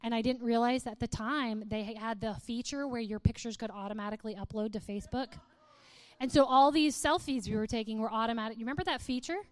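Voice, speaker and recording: A woman's voice: a little high, quick pace, no echo. A woman speaking to a live audience in a playful, humorous way, often laughing and reading aloud with mock drama.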